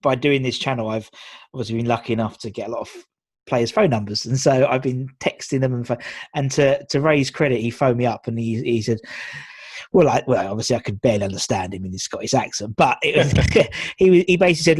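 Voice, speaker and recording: A man's voice: mid-range voice, breathy edge, no room sound. Chatty male host, dry sound. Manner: chatty, quick, full of fillers and restarts. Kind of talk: casual chat.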